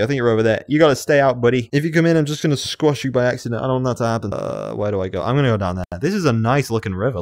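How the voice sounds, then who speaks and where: A man commenting on his own video game play as he moves around his room at home, excitable, talking to himself and laughing often. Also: mid-range voice, no echo. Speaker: gamer.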